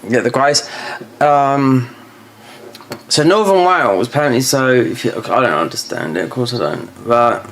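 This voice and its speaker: A man's voice: medium pitch, expressive, normal speed, a bit bright. A man chatting casually while he plays a video game, rambling through stories with many fillers and restarts. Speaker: gaming streamer.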